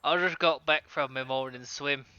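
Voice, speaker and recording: A man voicing a dim, boastful male athlete in a tabletop game, with a lowered dopey drawl. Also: moderate pace, bright, forceful tone, clean tone, dry recording, muffled recording.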